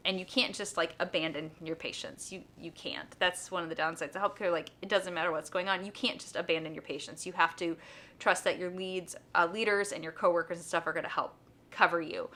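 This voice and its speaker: Chatty mom vlogger, bright lower voice. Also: female voice. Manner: chatty, with many fillers like "um" and "you know". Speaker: vlogger, homeschooling mom and nurse. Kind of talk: casual personal storytelling.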